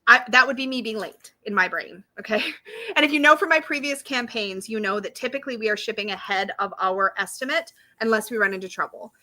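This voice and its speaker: A woman's voice: fairly high pitch, brisk, sharp tone. A woman hosting a live stream in a bubbly, chatty way, greeting viewers by name and reading their comments aloud. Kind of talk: casual live-stream chat.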